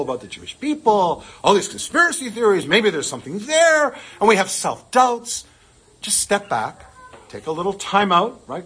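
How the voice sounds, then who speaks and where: A man's voice: on the high side, fairly bright tone, slightly rough. A man preaching a sermon, telling stories with rising and falling emotion. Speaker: religious teacher.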